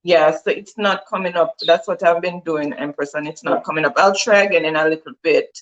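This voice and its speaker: A woman's voice: sits low, steady tone, brisk, lo-fi sound. Woman reading out live chat. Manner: reads out viewer comments, warm greetings, laughs easily. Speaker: livestream co-host reading chat. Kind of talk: casual livestream chat.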